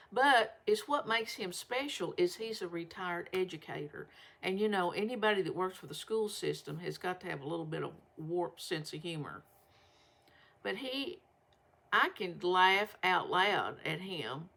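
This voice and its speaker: An older woman chats casually to her viewers. She talks in a folksy, rambling way. Her voice sits on the low side and has a gravelly rasp. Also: fairly bright tone. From Southern United States. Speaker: vlog host.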